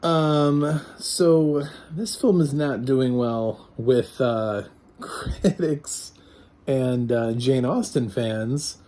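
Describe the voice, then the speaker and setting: Slow, dry-humored male film critic. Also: medium pitch, mellow. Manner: dry sarcastic, hesitant with many ums. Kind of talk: casual spoken movie review.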